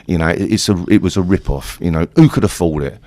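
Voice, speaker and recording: Deep-voiced older East London man. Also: quick pace, warm tone, no room sound. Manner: rambling, swearing, chatty. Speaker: interview guest, punk singer. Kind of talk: casual storytelling interview.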